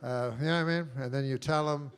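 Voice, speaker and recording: Deadpan male stand-up comic. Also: a little high, smooth. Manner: deadpan, halting, with drawn-out pauses. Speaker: stand-up comedian. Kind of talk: stand-up comedy set.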